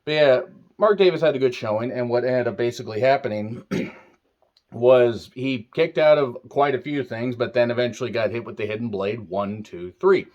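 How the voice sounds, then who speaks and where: A man's voice: mid-range voice, normal speed, darkish tone, dull audio. A man hosting a casual wrestling recap, ranting and swearing, now and then talking to his pet. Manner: ranting, profane, talks to his pet off-camera.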